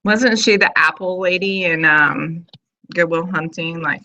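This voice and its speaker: A woman's voice: deep voice, steady tone, measured pace, bright, forceful tone, dull audio. A woman in her thirties hosting a casual video chat from home, rambling with lots of fillers. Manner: chatty, rambling, full of fillers. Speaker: host of a live video chat.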